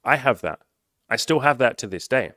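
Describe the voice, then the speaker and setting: A man's voice: medium pitch, expressive, moderate pace, bright, forceful tone, dry recording, clean studio sound. A man talking as a coach in a candid self-help monologue, frank and reflective, swearing freely.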